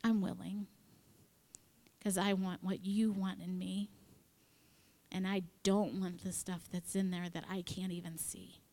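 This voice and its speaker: Animated woman giving a devotional talk. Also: fairly low pitch, unhurried, long pauses. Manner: animated, acts out quotes with sudden whispers. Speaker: church speaker.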